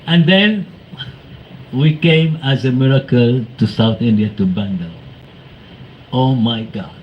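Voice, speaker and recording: A man speaking to a devotional gathering, telling anecdotes in an animated way, acting out quoted voices and laughing often. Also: mid-range voice, slow, lo-fi sound, slight background noise. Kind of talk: storytelling talk to a congregation.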